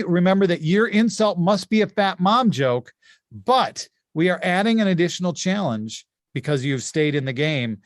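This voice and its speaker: A man with a notably high voice hosts a comedy insult game from home over a video call. He is chatty and full of quick asides. The sound is dry, with no room echo. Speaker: game show host. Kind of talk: casual improv game hosting.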